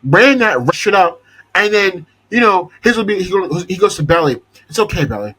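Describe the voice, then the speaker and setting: A man's voice: sits high, expressive, normal speed, sharp tone, a little hiss or hum, low-quality recording. A young man hosting a podcast, ranting casually and exasperatedly about a TV show and swearing freely. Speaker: podcast host.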